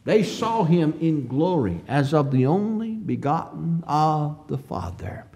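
A man preaching a sermon in an emphatic cadence, stretching out phrases, swelling on key words and often clearing his throat. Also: a little high, big pitch swings, unhurried, warm tone.

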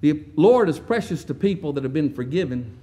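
High, lively-voiced man preaching. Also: brisk. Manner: animated storytelling, wry asides, frequent throat clearing. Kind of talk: sermon.

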